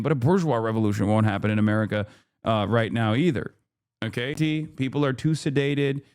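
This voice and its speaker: A streamer rants about politics on his live stream, his medium-pitched voice a bit dark. He swears heavily, sounds exasperated and sarcastic, and slips into mocking voices.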